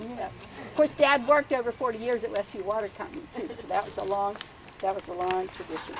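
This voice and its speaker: A woman's voice: medium pitch, fairly even intonation, brisk, a crowd in the background, low-quality recording. An older woman speaking outdoors at a garden ceremony, chatty and laughing, often tagging "huh?" onto her sentences. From Bellevue, Pennsylvania. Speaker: family speaker at a land dedication. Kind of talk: ceremony speech, storytelling.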